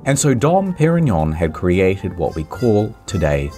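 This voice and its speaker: A man's voice: sing-song, a little slow, music in the background. A man telling a comedic history story with playful, dramatic timing. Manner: dramatic, playful timing with big pitch swings. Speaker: host.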